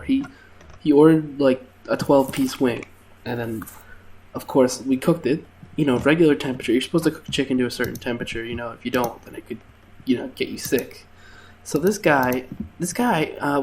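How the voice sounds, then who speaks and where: With a medium-pitched, somewhat dark voice, a young man on a gaming channel casually narrates funny memories of waiting tables, peppered with fillers and laughter. A bit of hiss or hum runs under the recording.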